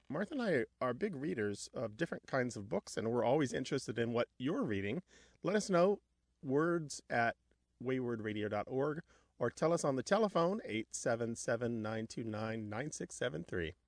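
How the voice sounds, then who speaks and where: A man's voice: medium pitch, expressive, moderate pace, dry recording. Male radio host, studio mic, dry close sound, explanatory talk. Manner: explanatory, lecturing on language. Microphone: studio microphone.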